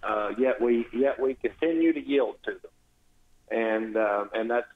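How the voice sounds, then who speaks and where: A man's voice: medium pitch, a little slow. A man, a state legislator, giving a blunt, sarcastic and exasperated phone-in radio interview. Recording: tinny echoey phone line.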